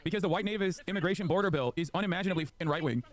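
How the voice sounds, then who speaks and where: Fast, profane, furious male streamer. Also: high-pitched. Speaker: political streamer. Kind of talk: angry livestream rant.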